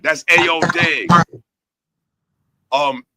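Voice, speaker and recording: A man, hosting a livestream and telling stories in an animated, hyped way full of street slang. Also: fairly high pitch, very slow, creaky, background noise. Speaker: host and label president. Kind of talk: casual livestream storytelling.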